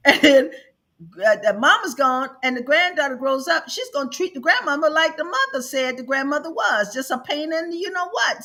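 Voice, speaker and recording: A woman's voice: sits high, lively intonation, normal speed, bright, forceful tone. A middle-aged woman hosting an advice show, speaking emphatically and acting out quoted family members as she counsels. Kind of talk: counseling talk.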